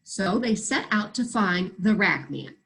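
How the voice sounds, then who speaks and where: A woman reading a children's storybook aloud, in an animated and expressive way. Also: mid-range voice, a little slow, gravelly, rough recording. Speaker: storybook reader.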